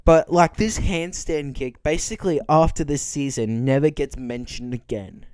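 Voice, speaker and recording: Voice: mid-range voice, normal speed, a little mellow, smooth, no echo, clean studio sound. A podcast host giving casual, joking watch-along commentary, reacting in disbelief and laughing often.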